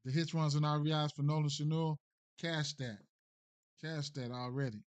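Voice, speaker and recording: A man's voice: fairly high pitch, fairly even intonation, moderate pace, smooth. A man streaming sports betting picks, thinking aloud in a casual, mumbling way with many fillers and restarts. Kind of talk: casual live-stream commentary.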